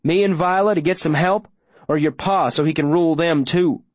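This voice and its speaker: A man's voice: on the high side, fairly even intonation, moderate pace, no echo, voice pushed up, lightly acted. A man voicing a defiant teenage boy who presses with urgent questions. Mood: pressing. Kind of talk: audiobook character voice.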